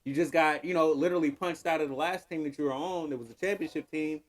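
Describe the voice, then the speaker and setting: A man's voice: on the high side, steady tone, fast talker. A man co-hosting a podcast, talking sports in blunt, profane, opinionated rants and laughing often. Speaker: podcast co-host. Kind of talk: casual sports banter.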